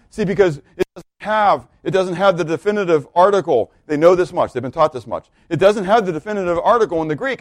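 Guy preaching a bible lesson, fairly high voice, asks stuff then answers it, dry close sound. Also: fast, no room sound. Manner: animated, asks questions and answers them. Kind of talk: sermon Bible teaching.

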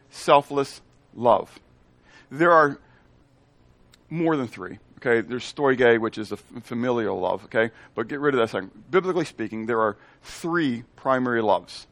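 Preaching to his congregation, a pastor speaks with a fairly high, a bit bright voice in a recording free of room sound. He often asks questions and supplies the answers, sprinkling in whimsical made-up words.

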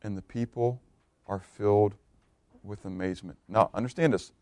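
Dynamic preacher, loud then hushed. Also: male voice, lowish voice, steady tone, moderate pace, dry recording. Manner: swings from loud emphatic bursts to hushed quiet lines. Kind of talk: sermon.

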